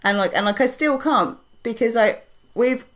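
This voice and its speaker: A woman's voice: on the high side, normal speed. Woman swearing through an emotional story. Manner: heavy swearing, emotional and earnest; animated, tumbling restarts. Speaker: podcast co-host and wrestler. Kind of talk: candid podcast storytelling.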